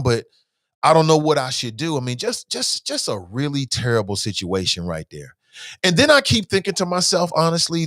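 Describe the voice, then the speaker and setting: A man's voice: a little high, fairly bright tone, dry recording, studio quality. A man hosting a news commentary show, talking straight to his viewers in a conversational way, moving between joking asides and heavy emotion. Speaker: show host.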